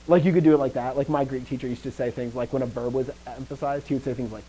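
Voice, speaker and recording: A man's voice: rapid-fire, few pauses, highs cut off. Casual man teaching a Greek class. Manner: casual, self-correcting, frequent "like" and "okay?"; acts out emphasis with louder, higher stressed words. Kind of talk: classroom lesson.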